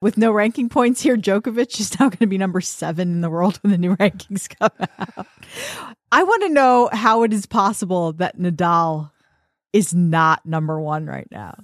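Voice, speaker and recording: Woman podcast host, opinionated, easy laugh, mid pitch, dry close mic. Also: normal speed, no echo. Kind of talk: casual chat.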